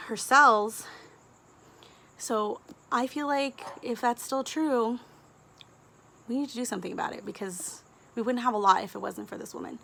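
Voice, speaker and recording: A woman, a book vlogger talking casually to camera, gushing and chatty with quick asides and giggles. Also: on the high side, a bit bright.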